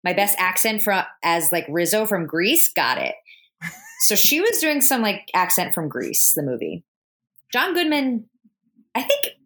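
Animated woman from New Jersey. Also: mid-range voice. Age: 30s. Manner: animated storyteller, laughs often. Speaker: podcast co-host. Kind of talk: casual podcast chat.

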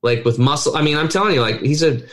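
A middle-aged man, a health coach, talking in a casual podcast interview with animated, persuasive storytelling. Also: fairly high pitch, fast talker.

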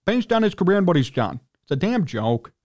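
A man hosting a sports talk radio show, ranting indignantly in a heated monologue and often clearing his throat. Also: high-pitched, sing-song, a little fast, darkish tone.

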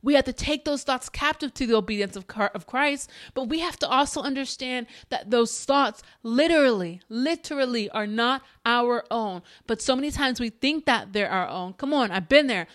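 Earnest, higher-voiced woman exhorting listeners. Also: a bit bright, dry recording, clean studio sound. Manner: earnest, exhorting, repeats phrases for emphasis; conversational with fillers and quick asides. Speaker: podcast host. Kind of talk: faith-based encouragement monologue.

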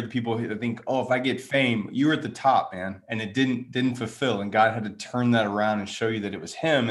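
Male co-host, lowish voice, eager and encouraging. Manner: enthusiastic, affirming, fills with "kind of". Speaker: podcast co-host. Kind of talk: casual interview chat.

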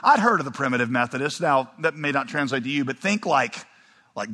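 A man's voice: mid-range voice, lively intonation, a little fast, bright, forceful tone, big-room sound. A man preaching a sermon as pastor of a church, telling a story in a conversational way with dry humor.

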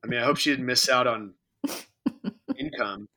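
A man's voice: mid-range voice, moderate pace, sharp tone. A man co-hosting a podcast in casual chat, joking and rambling with many fillers and restarts. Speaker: podcast co-host.

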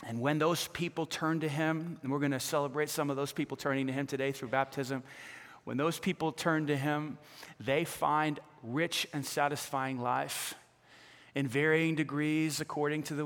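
A male pastor preaching a sermon with animated delivery, acting out the voices of people in the stories he tells. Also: fairly high pitch, in a large hall. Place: church sanctuary.

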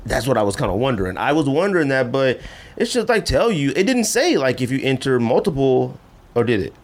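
A man hosting a casual podcast, telling a long story in an animated way and acting out the voices he quotes. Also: fairly quick. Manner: animated, acts out quoted voices with big pitch jumps. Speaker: podcast host.

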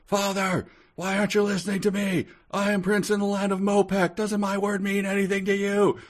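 A man's voice: monotone, brisk, natural voice. A man doing a shrieking enraged prince. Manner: shrieking high, mock outrage. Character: enraged young male prince, shrill and hot-tempered. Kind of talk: comic reading aloud.

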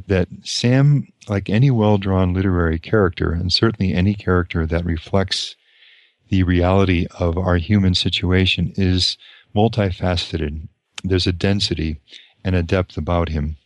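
A priest reading from a novel and reflecting on it in a slow, measured way with pauses. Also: male voice, low-pitched, no room sound.

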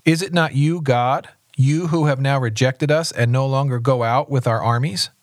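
A pastor reads scripture in a measured, steady voice and then discusses it on his podcast. His voice is mid-range, and the studio-quality recording has no echo.

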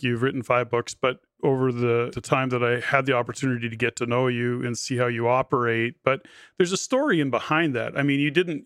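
A man's voice: mid-range voice, a bit bright, no room sound, clean studio sound. A man hosting a podcast, asking a guest questions in a loose way and restating himself as he goes. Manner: loose, self-correcting questioner. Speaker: podcast host. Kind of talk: casual interview chat.

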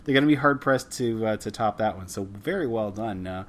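A man's voice: lowish voice, brisk. A man hosting a film podcast, chatting casually with a guest in a rambling, self-deprecating way with frequent restarts. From Canada. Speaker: podcast host. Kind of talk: casual interview chat.

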